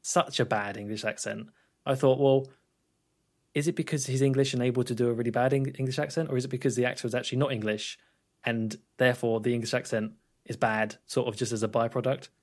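A podcast co-host chats casually about a film, speaking fast in a mid-range voice with fairly even intonation. His manner is laid-back and hesitant, with frequent restarts and laughter.

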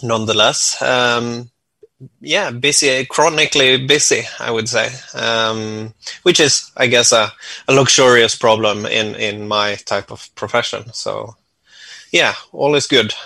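Gravelly Norwegian man, hesitant speech. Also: mid-range voice, steady tone, unhurried, sharp tone, no echo. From Norway. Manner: hesitant, thoughtful, many fillers. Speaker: musician guest. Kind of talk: interview answers.

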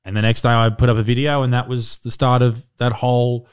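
A man's voice: mid-range voice, little pitch movement, a little fast, smooth. An Australian man hosting a comedy podcast, talking in casual banter, blunt and swearing freely, often laughing.

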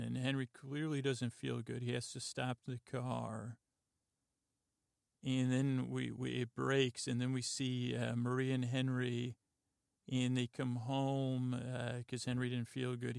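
A man hosting a podcast, softly retelling a TV episode in a halting, meandering way full of "uh" and "like". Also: mid-range voice, creaky, no echo, clean studio sound. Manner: halting, lots of "uh" and "like", quiet and meandering. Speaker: podcast host. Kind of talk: rambling sleepy retelling of a TV episode.

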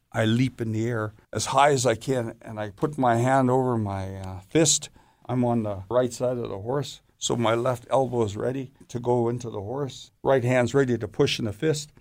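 A stunt performer in an interview, telling long rambling stories in a casual way and often saying "you know". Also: male voice, medium pitch, creaky, darkish tone, no echo, studio quality.

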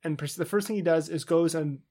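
A man co-hosting a podcast in loose, casual chat. He rants with animated energy and jumps into funny voices when quoting characters. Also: on the high side, a little fast, breathy edge. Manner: animated ranting, acts out quotes in funny voices. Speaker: podcast co-host.

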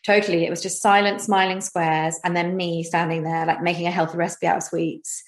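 A woman's voice: on the low side, level tone, fairly quick, roomy sound. A woman with a posh English accent, a guest telling candid stories in a chatty, self-mocking way with lots of filler words. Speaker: guest, comedy content creator. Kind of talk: candid conversational storytelling.

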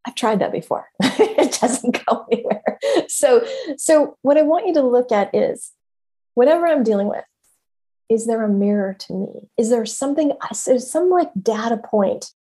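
Mellow-voiced emphatic woman host. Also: a little high, animated, moderate pace. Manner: emphatic, swears freely, repeats words. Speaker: podcast host and former therapist. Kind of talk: candid casual monologue.

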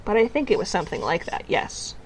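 A woman's voice: medium pitch, big pitch swings, fairly quick, a little hiss or hum, close to an everyday voice, poor audio. Storybook girl, earnest and stubborn, lightly raised voice; read by a woman.

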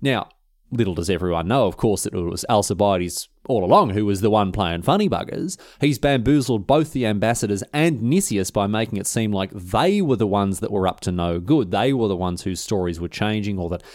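Australian male podcast host, low voice, rapid casual storytelling, dry booth sound. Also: no echo. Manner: animated, slangy, acts out characters' voices.

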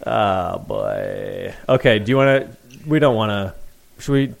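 A man's voice: lowish voice, huge pitch swings, a little slow, vocal fry. A man co-hosting a casual sports podcast, talking with dry, exasperated sarcasm. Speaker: podcast co-host.

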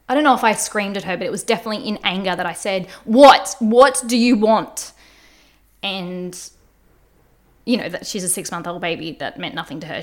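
A woman guest on a podcast, telling a personal story in an earnest, reflective way. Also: medium pitch. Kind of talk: candid conversational storytelling.

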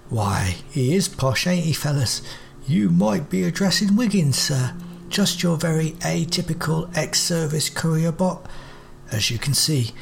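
A man voicing a scruffy, streetwise male courier robot with a swearing, cheeky manner. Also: gravelly. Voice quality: swearing, streetwise, high and lively. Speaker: one-man audio drama performer.

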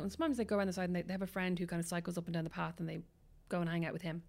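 A woman, chatting as a podcast guest and telling lively stories with quoted asides. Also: lowish voice, racing. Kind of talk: casual chat.

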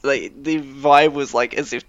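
A man co-hosting a podcast, chatting casually with lots of fillers and quick laughs. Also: mid-range voice, steady tone, fairly bright tone, clean tone, no echo, muffled recording. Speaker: podcast co-host. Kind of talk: casual chat.

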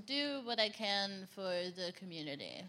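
A woman from Texas, co-hosting live comedy on stage and telling stories in a dry, deadpan way. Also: mid-range voice, normal speed, low-quality recording. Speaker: comedy podcast co-host. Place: theatre stage before a live audience. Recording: live recording with noise.

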